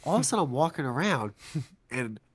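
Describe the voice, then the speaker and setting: A young man co-hosting a podcast, telling a long story in casual chat, acting out quotes with lively voices and swearing. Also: medium pitch, quick pace, breathy edge. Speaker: podcast co-host.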